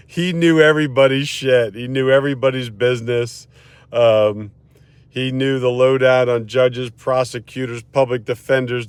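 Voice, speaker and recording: A man's voice: mid-range voice, smooth, no room sound. A man in his forties, an attorney, telling a rambling story in a casual monologue while walking outside, chuckling often, recorded on a phone held at arm's length. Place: outdoors outside a courthouse.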